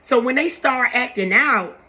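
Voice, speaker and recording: A young woman with a bright, sharp voice talks straight to her viewers in an animated, preachy way. She circles back and repeats her points as she goes. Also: a little high, a little slow. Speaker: vlogger talking to her viewers. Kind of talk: casual live chat to camera.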